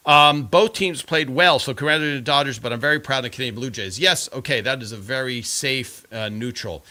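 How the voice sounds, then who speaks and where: A man's voice: medium pitch, a little fast, sharp tone. A man hosting a live stream, chatting casually and reading viewer comments in a rambling way full of fillers.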